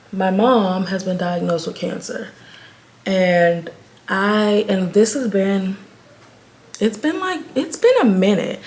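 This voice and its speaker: A woman's voice: medium pitch, vocal fry. A woman, chatting candidly to her viewers in a get-ready-with-me vlog. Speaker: beauty vlogger.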